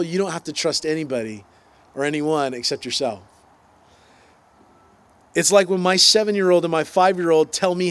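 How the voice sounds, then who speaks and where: A man's voice: a little high, fairly bright tone. A man, preaching a conversational sermon with asides and acted-out quotes. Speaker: pastor.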